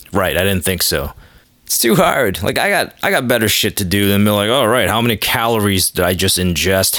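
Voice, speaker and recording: Crude self-mocking man with a low voice. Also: a bit bright, dry recording, studio quality. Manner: crude, self-deprecating, offhand. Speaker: podcast host. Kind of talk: rambling comedic monologue.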